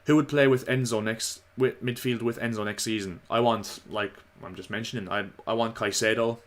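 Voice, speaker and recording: A man giving casual, opinionated football commentary to his viewers, slightly hoarse. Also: fairly low pitch, steady tone, moderate pace. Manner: chatty, opinionated, addresses viewers as lads. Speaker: football vlogger.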